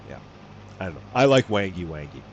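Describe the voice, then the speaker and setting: A man's voice: low-pitched, big pitch swings, a little fast, a little hiss or hum. A man with a chatty, amused manner, chatting casually with his live-stream audience and laughing often. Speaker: game streamer reading chat.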